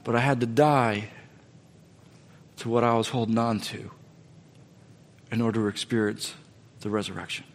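A man preaching a sermon as pastor, telling a personal story and acting out the dialogue, swinging from loud to quiet. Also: lowish voice, steady tone, moderate pace, long pauses. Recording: long reverb of a large hall.

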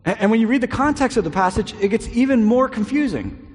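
High-voiced preaching man, echoing hall. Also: quick pace, breathy edge. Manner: animated, repeats words, paraphrases scripture in a conversational voice. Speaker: pastor. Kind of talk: sermon. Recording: long reverb of a large hall.

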